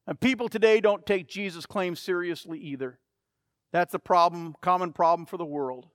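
A man's voice: high voice, normal speed, fairly bright tone, no room sound, clean studio sound. A man preaching a sermon, emphatic and repeating key phrases for effect. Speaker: pastor.

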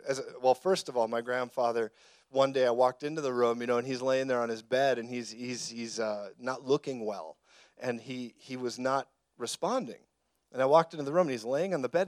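A man preaching a sermon in a conversational, storytelling way, now and then rising to shouted emphasis. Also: mid-range voice, no room sound, clean studio sound.

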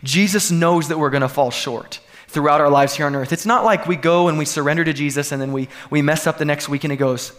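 Guy preaching in church, kinda high voice, earnest and gets really emphatic. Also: a little fast, hardly any pauses, fairly bright tone. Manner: earnest, building to emphatic peaks. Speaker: pastor. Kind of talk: sermon. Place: church sanctuary.

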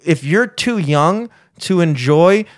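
A young male podcast host, also a gigging musician, speaks with a fairly high, expressive voice at a slow pace, recorded dry and close with no echo. His casual banter is loose, profane, and joking, wandering into rambling plugs.

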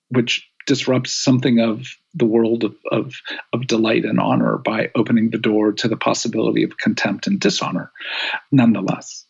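A man in his sixties, co-hosting a podcast, who tells anecdotes in a lively way and jumps higher in pitch when he quotes people. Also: creaky, breathy edge. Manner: animated storytelling, rising pitch when quoting. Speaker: podcast co-host. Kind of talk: reflective podcast conversation. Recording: slightly dull lo-fi audio.

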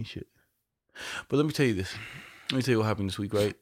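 Speaking fast in a lowish, somewhat dark voice, this male podcast co-host spins laid-back, slang-heavy stories full of swearing. The recording is dry and studio quality.

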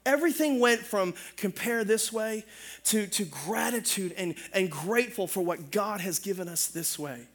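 A middle-aged male pastor preaching a sermon in an animated, humorous way, calling out for amens. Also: high-pitched, moderate pace.

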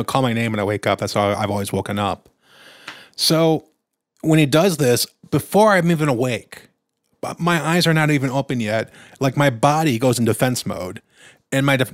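A man's voice: dry recording, clean studio sound. A young man co-hosting a podcast, telling a story in casual chat and acting out quotes in a raised voice. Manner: animated storyteller, acts out quotes in a high voice. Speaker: podcast co-host.

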